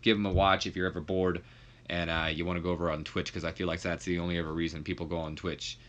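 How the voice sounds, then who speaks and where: A young man casually commenting on his wrestling simulation game and joking with his viewers, sometimes leaping high in exasperation. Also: flat delivery, fast talker, fairly bright tone. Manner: laid-back, jokey, swings up high when exasperated. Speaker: YouTuber playing a wrestling sim.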